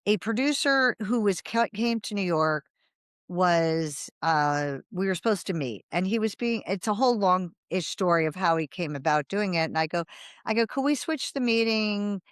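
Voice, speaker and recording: A woman in her fifties, a writer appearing as an interview guest, tells a long, meandering anecdote in a casual chat, acting out quoted dialogue and laughing as she goes. Her voice is fairly low and animated, with a moderate pace. The recording is dry and studio quality.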